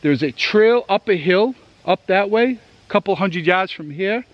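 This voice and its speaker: Male vlogger, Massachusetts accent, slightly high and very animated pitch, rambling and winded outdoors. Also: a little slow, muffled recording. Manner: rambling, chatty, addresses viewers directly. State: out of breath from hiking. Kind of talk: casual rambling tour while hiking. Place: outdoors in the woods.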